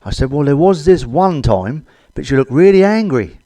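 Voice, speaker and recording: A man's voice: on the high side, lively intonation, normal speed, warm tone, no room sound. A middle-aged British man doing a crude stand-up comedy monologue, blunt and cheeky, swearing often. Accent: British English.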